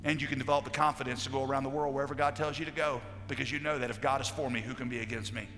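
Impassioned preacher in a reverberant hall. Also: male voice, medium pitch, fairly even intonation, rapid-fire. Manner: impassioned preaching, swings between loud declarations and hushed storytelling. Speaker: pastor. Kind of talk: sermon. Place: large conference hall. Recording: live hall recording with long reverb and faint music.

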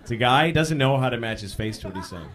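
A man performing a stand-up comedy routine, telling exasperated stories and bursting into shouted acted-out lines. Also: mid-range voice, lively intonation, fast talker. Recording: live club with laughing crowd.

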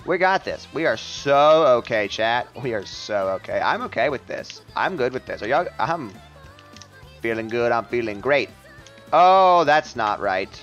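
A young man streaming a speedrun, chatting to his viewers in an excitable, jokey and self-mocking way. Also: mid-range voice, a little slow, dull audio, soft background music. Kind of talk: live gameplay commentary to chat.

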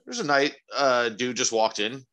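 Young male podcast co-host with a sharp, forceful voice; loose, profane storyteller who spikes upward when excited. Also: normal speed. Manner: rambling, profane storytelling with sudden excited jumps in pitch. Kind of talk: casual chat.

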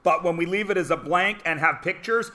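A man in his forties teaching a high school math class, joking with the students between problems and sometimes bursting into shouts. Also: brisk. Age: 40s. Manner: wisecracking, theatrical asides and bursts of shouting.

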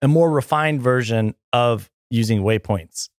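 A man's voice: medium pitch, a little slow, no echo, studio quality. A man co-hosting a podcast, asking curious questions and thinking aloud in casual chat. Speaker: podcast co-host.

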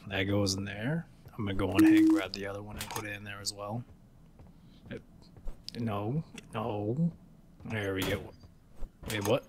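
A man giving casual commentary on a horror game playthrough. He curses a lot and jokes, and at times he taunts the game's monster in a loud, high voice. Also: steady tone, normal speed, pauses often, noisy background. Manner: profane, taunting, joking. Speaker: gaming YouTuber. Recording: game music behind the voice.

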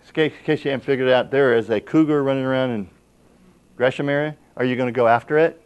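A man delivers a sermon as pastor in a voice of middle pitch. He reads scripture aloud and presses his congregation with emphatic rhetorical questions. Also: steady tone, fast, smooth, dull audio.

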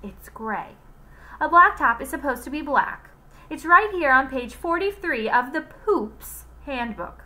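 A woman's voice: high voice, lively intonation, unhurried, bright, forceful tone, pitched above the performer's own voice, heavily acted. A woman reading aloud as a fussy, rule-obsessed young man who supervises a playground, speaking primly. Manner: prim, stickling.

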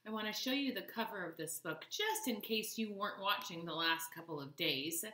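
A woman's voice: medium pitch, roomy sound. A young woman reading a picture book aloud to children in a teacherly manner. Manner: slow, lively, teacherly. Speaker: children's story reader.

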